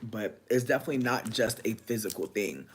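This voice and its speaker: A man giving a casual livestream tarot reading, talking in loose slang, breaking into loud laughter and dropping to soft asides. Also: fairly low pitch, expressive, a little fast, a little hiss or hum. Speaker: tarot reader.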